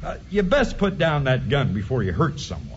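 An actor playing a gruff, irritable rural sheriff in an audio drama, blustering and indignant, with folksy speech. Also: male voice, mid-range voice, big pitch swings, normal speed, a little hiss or hum, lightly acted. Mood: exasperated. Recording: slightly dull audio drama recording.

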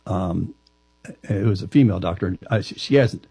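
A lower-pitched man speaks as an interview guest, telling a personal story in a halting way that keeps circling back on itself. His voice is husky. The recording is dry and close. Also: dark tone, dry recording. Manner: halting, with frequent restarts.

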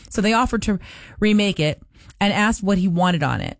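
A woman radio host telling a story in a casual, animated, incredulous way. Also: mid-range voice, normal speed, no echo, studio quality. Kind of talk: casual radio talk segment.

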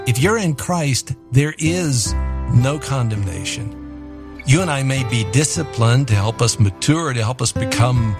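A man's voice: mid-range voice, animated, measured pace. A man hosting a devotional radio talk, reflective and earnest, quoting scripture. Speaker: host. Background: music.

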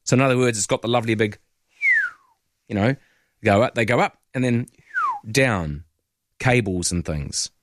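A man's voice: fairly low pitch, normal speed, pauses often, a little hiss or hum. A man with a New Zealand accent hosting overnight talk radio, chatting in a rambling way and inviting listeners to call. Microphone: studio microphone.

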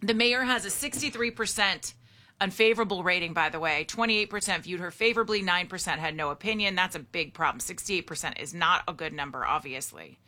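Bright-voiced talk radio hostess. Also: female voice, fairly low pitch, a little fast. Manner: chatty, opinionated, reads out poll figures and the call-in number. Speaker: radio show host.

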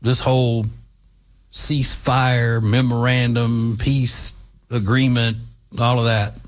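A man's voice: medium pitch, little pitch movement, takes it slowly. A man from the United States hosting an opinionated commentary monologue, emphatic and combative, hammering his points home through repetition. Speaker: political commentary host.

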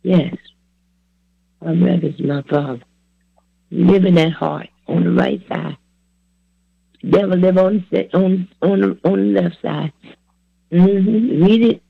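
A man's voice: high-pitched, fairly even intonation, takes it slowly, gravelly, long pauses, husky, dry recording, narrow, tinny audio. A man in his seventies giving an earnest testimony sermon, exhorting his listeners in plain, repetitive words.

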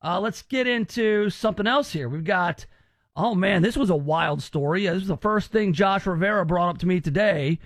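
A man's voice: sits high, moderate pace, fairly bright tone, no echo, clean studio sound. A man in his thirties hosting a radio talk show, chatty and wry with rambling asides. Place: radio studio.

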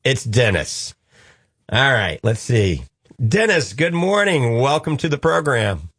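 A man's voice: medium pitch, very animated, takes it slowly, a bit bright, breathy edge, dry recording, clean studio sound. A man with a New Orleans accent hosting a call-in radio show, upbeat and reassuring with a joking streak.

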